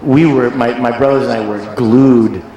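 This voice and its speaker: A man's voice: mid-range voice, fairly even intonation, moderate pace, warm tone, long reverb tail, highs cut off, a little hiss or hum. A man in his sixties telling a long, rambling anecdote, acting out voices and sounds as he digresses. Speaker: guest storyteller.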